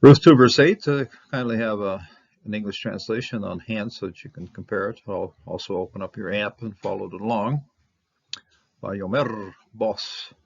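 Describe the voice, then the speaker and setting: A man's voice: fairly low pitch, a little fast, gravelly, breathy edge, dull audio. A man teaching a verse-by-verse Hebrew Bible lesson, rambling with many fillers and restarts.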